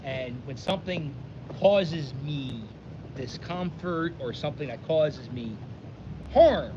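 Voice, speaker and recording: A man's voice: fairly high pitch, lively intonation, takes it slowly, dull audio. A man telling a rambling, exasperated story in a casual vlog, recorded outdoors in the wind. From Philadelphia. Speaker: vlogger. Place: outdoors by the water, windy.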